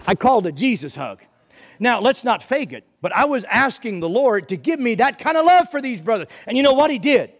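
A man's voice: sits high, expressive, quick pace. A man preaching in an earnest testimony style, repeating his phrases and rising to fervent prayer. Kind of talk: testimony sermon.

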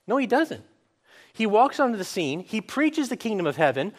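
A man preaching a sermon, asking the listeners questions and acting out scripture quotes in lively voices. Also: sits high, fairly quick.

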